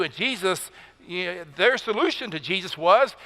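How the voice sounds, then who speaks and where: Male pastor, high and bright voice, chatty sermon, rings in a church hall. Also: animated, normal speed. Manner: conversational, asks the crowd "right?" often. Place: church sanctuary.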